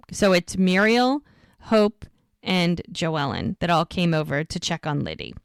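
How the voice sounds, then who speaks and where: Smooth-voiced woman recapping a show. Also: lowish voice, expressive, a little slow, dry recording. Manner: chatty retelling with frequent fillers. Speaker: podcast co-host. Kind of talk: casual episode recap.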